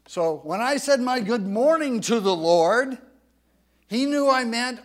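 A man preaching a sermon, swelling to loud, emphatic declarations when he quotes scripture. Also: very high-pitched, animated, slow. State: tired from little sleep. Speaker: pastor.

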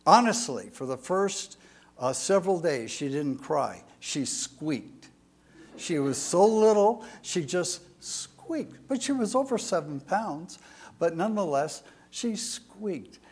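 A man's voice: fairly high pitch, big pitch swings, slow pace, breathy edge. An older man in his sixties preaching a folksy sermon, chatty and rambling, with jokes and asides.

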